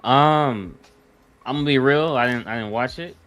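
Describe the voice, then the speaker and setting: A man's voice: medium pitch, moderate pace, very noisy. A man on a casual group call, speaking hesitantly and candidly with many ums. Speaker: panel guest.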